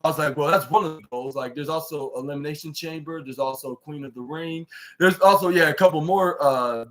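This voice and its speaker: A man's voice: on the high side, brisk, a bit bright. A man hosting a casual podcast, recapping a wrestling show in a rambling way, full of fillers, restarts and loosely paraphrased quotes.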